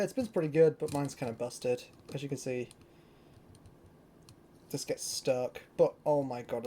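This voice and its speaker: Young brit toy collector rambling excitedly on a vlog, soft mellow tone, lots of ums and likes. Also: medium pitch, slight background noise. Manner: excitable and rambling, with many fillers. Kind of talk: casual show-and-tell vlog.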